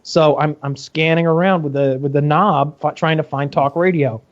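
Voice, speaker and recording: A man hosting a podcast, telling a crude story in an animated, casual way over a video call with dull lo-fi audio. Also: on the high side, normal speed. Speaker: podcast host. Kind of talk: casual chat.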